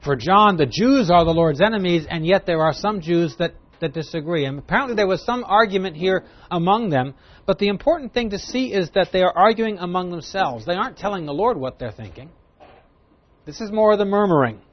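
A man's voice: high voice, a little fast. Emphatic man teaching scripture, lo-fi. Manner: lively, emphatic, reads scripture aloud. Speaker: Bible teacher. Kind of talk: expository Bible teaching. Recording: dull lo-fi recording.

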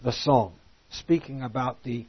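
Husky man teaching Bible study. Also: medium pitch, steady tone, unhurried. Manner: reads scripture aloud in King James wording, then explains; emphatic, rising on quoted lines. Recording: dull, lo-fi classroom recording.

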